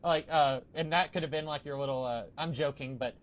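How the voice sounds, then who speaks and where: A young man hosts a casual podcast chat, rambling and circling back over his points. His voice sits a touch high, and the recording is dull and lo-fi. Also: fairly quick. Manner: rambling, many fillers and restarts.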